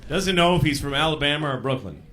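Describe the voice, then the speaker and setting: A man doing a stand-up comedy routine on a club stage, animated and sometimes shouting. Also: a little high, quick pace. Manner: animated, bursts into shouted impressions. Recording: live club with crowd laughter and noise. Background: audience laughing.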